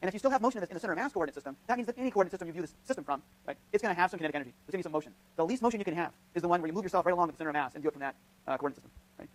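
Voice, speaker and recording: A male physics professor, high-pitched, expressive, and rapid-fire, runs a live demonstration in a lecture hall. He thinks aloud, backs up to restart often, and checks understanding with repeated "right?"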